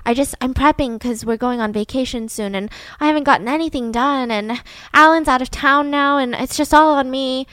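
A woman voicing a distracted, overwhelmed young mother who explains things in a hurried, scattered way. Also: sits high, fairly bright tone, smooth, no room sound. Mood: harried.

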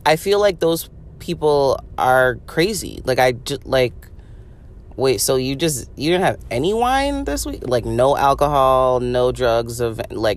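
A young woman hosting a podcast, talking in a rambling, profane comedic monologue full of "like" and laughter. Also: very deep voice. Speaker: podcast host.

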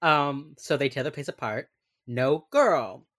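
Young woman, low-pitched, animated, casual podcast chat, acting out quotes. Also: a little slow. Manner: chatty, acts out quotes with sudden yells. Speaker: podcast co-host recapping a TV episode.

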